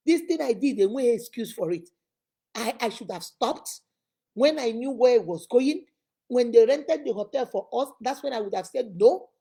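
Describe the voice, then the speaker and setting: A Nigerian woman talks straight to her viewers about marriage trouble, emphatic and a little preachy. Her voice sits high and sounds husky. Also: mellow. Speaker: relationship advice vlogger. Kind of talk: advice talk to camera.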